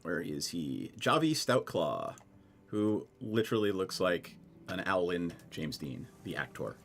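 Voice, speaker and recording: A man narrating a tabletop game as game master, chatty and halting. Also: low voice, big pitch swings, gravelly, a bit bright, slight background noise. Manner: chatty, halting with fillers and restarts.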